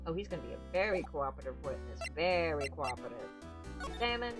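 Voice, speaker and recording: A woman streaming a game playthrough, making casual, joking asides in a quieter voice than the characters she reads. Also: low-pitched, very animated, quick pace. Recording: game music behind. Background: game music.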